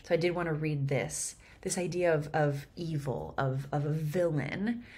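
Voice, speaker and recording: A woman and actor explaining a Shakespeare scene line by line, lively and chatty with quick laughs. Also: low voice, breathy edge.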